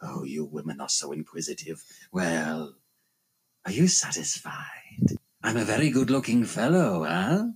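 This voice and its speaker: A man voicing a disfigured, menacing male phantom in an audiobook, speaking slowly in a low, hissing, gloating way with a husky tone. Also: animated. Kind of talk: audiobook reading.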